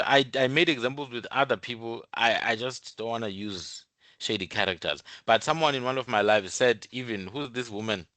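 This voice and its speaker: Man, informal explainer, bright tone, dry close sound. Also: mid-range voice, expressive, moderate pace, dry recording. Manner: explains step by step, repeats points, many fillers. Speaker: channel host.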